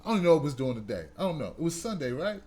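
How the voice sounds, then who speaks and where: A man's voice: a little high, very animated, rapid-fire, a little mellow. A male talk show host giving emphatic, preachy commentary and speaking straight to his audience. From United States. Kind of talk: opinionated commentary.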